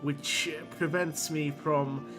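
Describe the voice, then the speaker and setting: A man's voice: fairly high pitch, fairly even intonation, slow, fairly bright tone, soft background music, pitched below the performer's own voice. A man putting on a mock-solemn male god-villain voice in his own accent, rambling as it goes.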